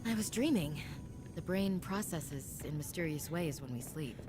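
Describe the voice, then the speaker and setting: A young woman voicing a thoughtful explorer, speaking softly and musingly, heard from game audio. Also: low-pitched, animated, moderate pace, loud music behind the voice. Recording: game audio with loud ambience.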